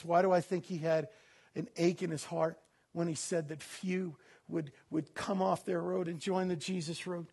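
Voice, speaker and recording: A man pastor preaching a sermon to a congregation. He swings from loud, laughing bursts to low, solemn scripture reading. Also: husky.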